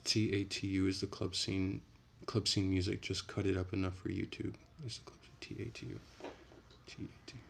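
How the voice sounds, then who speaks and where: Deep, gravelly young man chatting. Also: a little fast. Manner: relaxed, rambling, soft-spoken. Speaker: streamer reading chat. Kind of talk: casual late-night livestream chat.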